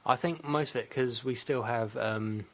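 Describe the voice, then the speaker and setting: A man's voice: mid-range voice, measured pace, fairly bright tone. A man hosts a casual gaming podcast with a mid-range voice. He rambles a little, jokes at his own expense and laughs often. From Britain. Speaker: podcast host. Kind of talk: casual chat.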